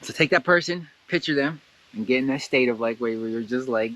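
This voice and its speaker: A man hosting a casual guided blessing exercise, animated and laughing often, jumping into excited high voices when he quotes someone. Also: moderate pace, muffled recording. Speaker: host guiding a blessing exercise. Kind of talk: casual guided meditation talk.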